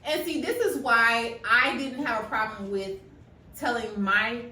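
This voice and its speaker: A woman co-hosting a podcast in casual chat, answering slowly and thoughtfully. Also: fairly high pitch, pushed and bright. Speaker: podcast co-host. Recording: roomy, distant mic, faint noise.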